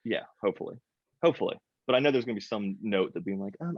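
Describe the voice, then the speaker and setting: Animated podcast host with dull lo-fi sound. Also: male voice, fairly low pitch, fast talker, breathy edge, no room sound. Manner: animated, self-deprecating, laughs often. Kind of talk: casual podcast chat.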